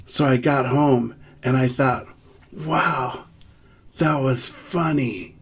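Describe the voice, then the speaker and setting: A man's voice: mid-range voice, slow pace. A man telling a self-deprecating funny story in a chatty way before leading a prayer song. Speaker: musician and comedian. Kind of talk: comic storytelling and sung prayer. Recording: music clearly heard behind the voice. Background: guitar.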